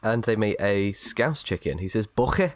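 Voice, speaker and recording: A man's voice: lowish voice, normal speed, no echo, studio quality. A man co-hosting a film podcast, teasing and laughing often in casual chat. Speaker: podcast co-host.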